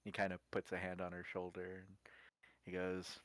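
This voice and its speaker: A man playing a tabletop game, talking in a relaxed way. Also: low-pitched, moderate pace, no room sound. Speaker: player. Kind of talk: tabletop role-play narration.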